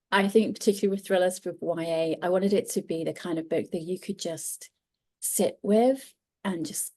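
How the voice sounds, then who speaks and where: A woman's voice: fairly low pitch, darkish tone. A woman author with a British accent, a guest on a podcast, talking in a bubbly way and laughing easily. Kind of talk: casual interview.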